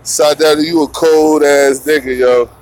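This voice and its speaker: A man's voice: fairly high pitch, steady tone, unhurried, a little mellow. A man hosting a casual morning commentary, rambling and profane, mocking his targets and laughing often. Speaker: commentary channel host.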